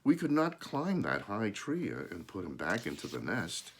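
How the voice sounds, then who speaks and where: An eager little boy in a storybook, talking fast and tripping over his words in an excited, sing-song voice that swoops up and down, as a man reads him out. the pitch sits a bit higher than a grown man's usual. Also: a little hiss or hum.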